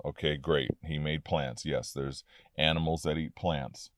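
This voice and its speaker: A man's voice: extremely low pitch, moderate pace, no echo. A man reading Bible verses and explaining them in an earnest, conversational preaching manner, speaking from inside a car. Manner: earnest, conversational preaching, reads scripture aloud then breaks it down. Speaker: minister. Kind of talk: informal Bible teaching podcast.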